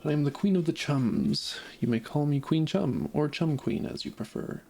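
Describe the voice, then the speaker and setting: A man reading the lines of a gentle, cooing, motherly female creature queen in a game. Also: on the high side, expressive, normal speed, gravelly.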